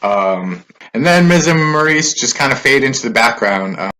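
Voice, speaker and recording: A man's voice: mid-range voice, big pitch swings, normal speed, pushed and bright. A man giving a casual spoken recap of a wrestling show, loose and conversational with filler words and asides.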